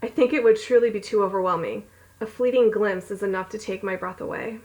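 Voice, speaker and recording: A woman with a medium-pitched, slightly mellow voice reads her own romance novel aloud at home, talking a little fast. She keeps breaking off for giggly, rambling asides that poke fun at herself, so it feels like a casual read-along full of chatter. The audio quality is poor.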